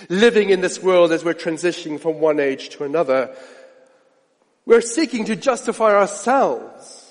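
High, lively-voiced male preacher in a reverberant hall. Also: normal speed. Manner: dramatic, rhetorical questions, drops to hushed asides. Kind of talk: sermon. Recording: long reverb of a large hall.

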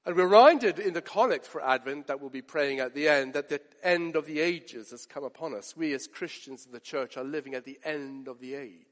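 A man with a high voice delivers a sermon, earnest and deliberate, leaning on repeated phrases. His words ring out with a long reverb trailing behind them, as in a large church. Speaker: preacher.

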